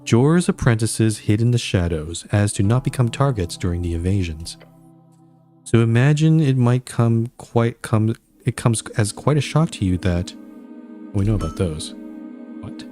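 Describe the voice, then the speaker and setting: A cautious, psychic snail who tells stories slowly, voiced by a man reading game lines. The voice sits low and unhurried, with quiet music running behind it. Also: animated. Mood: storytelling. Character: old, wary psychic male snail. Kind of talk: reading game dialogue aloud.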